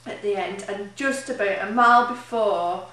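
A woman's voice: mid-range voice, normal speed, bright, forceful tone. A woman recording a casual video diary, chatty and emotional, rambling with fillers as she talks. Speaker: charity runner keeping a video diary. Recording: very echoey room, mic at a distance.

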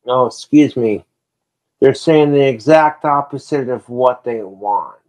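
A man ranting on a livestream, swearing heavily and drinking alcohol as he talks. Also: mid-range voice. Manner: profane, ranting, drinking on stream. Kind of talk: livestream rant.

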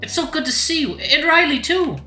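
A man voicing a warm, doting older furry mother figure who speaks with a thick, warm accent. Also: extremely high pitch, expressive, fairly quick, roomy sound, faint music behind, pitched above the performer's own voice, full character voice. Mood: fussing, affectionate.

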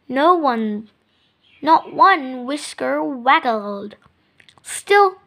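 A woman reading a children's story aloud in an expressive, sing-song way. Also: high-pitched.

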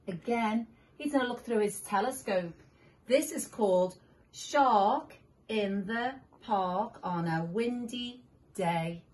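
A woman reading picture books aloud to young children, animated, making animal sounds and asking the listener questions. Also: medium pitch. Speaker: children's story reader.

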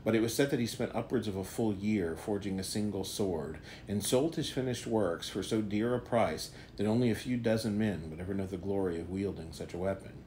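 Deep-voiced man narrating a fantasy tale. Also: a little fast, hardly any pauses, darkish tone, slight background noise. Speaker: author reading his own novella. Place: home during quarantine.

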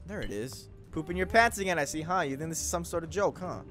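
Jumpy man with a lively voice. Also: a little high, fast, hardly any pauses. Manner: jumpy, swears and jokes at the game. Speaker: gaming video creator. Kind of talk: casual horror game commentary. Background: game music.

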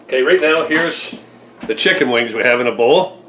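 A man's voice: medium pitch, animated, normal speed, background noise. Jokey man cooking, echoey kitchen. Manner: jokey, laughs often at his own lines. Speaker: homestead channel co-host. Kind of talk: casual cooking demo. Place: home kitchen.

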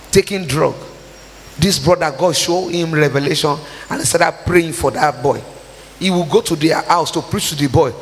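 A woman with a Nigerian accent preaching a storytelling sermon, slipping into Nigerian Pidgin. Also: low-pitched. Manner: mixes in Nigerian Pidgin, acts out quoted dialogue. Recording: long reverb with faint hiss.

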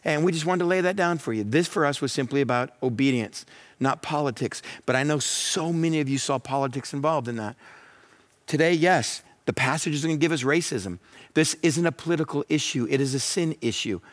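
A male pastor preaching a sermon, moving between forceful declarations and quieter reflective passages, with repetition and rhetorical questions. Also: on the high side, brisk.

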